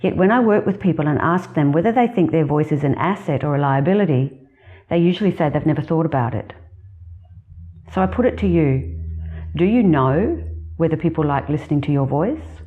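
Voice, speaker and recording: A woman with an Australian accent, a career specialist giving measured, deliberate advice in a scripted talk to camera. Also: low-pitched, lively intonation, phone-quality sound.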